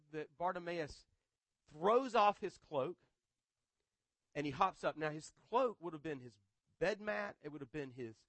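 A man's voice: a little high, a bit bright, dry recording. A man preaching a sermon in a conversational way, often repeating words and adding humorous asides. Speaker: pastor.

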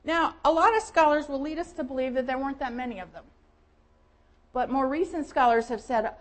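Speaking a little fast in a high-pitched voice, a woman pastor with a Southern American accent preaches a sermon on a low-quality recording. Her storytelling is lively: she recounts Bible stories vividly and acts out each quoted voice.

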